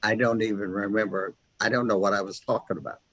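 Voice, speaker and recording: A man with a lowish voice hosts a casual interview, telling stories in an animated, chatty way and often restarting his sentences. The sound is dry and close, with no room echo. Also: quick pace, breathy edge. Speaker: host.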